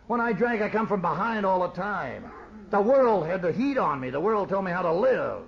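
An older man tells his recovery story in a rough, gravelly voice, swinging from lively highs to hushed, low passages. He speaks in plain, streetwise terms with open emotion. The recording sounds dull and lo-fi. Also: normal speed. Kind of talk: personal recovery testimony.

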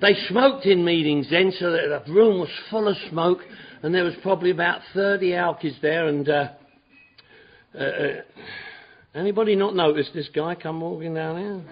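A man with a fairly high voice and moderate pace tells his recovery story to a meeting, acting out dialogue in different voices and swearing freely. He's an animated storyteller, heard on a dull lo-fi recording over a murmuring crowd.

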